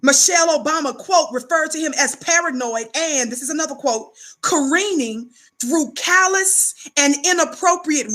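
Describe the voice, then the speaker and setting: Forceful high-voiced preachy woman. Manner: preachy, indignant, call-and-response. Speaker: commentator. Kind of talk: impassioned political commentary.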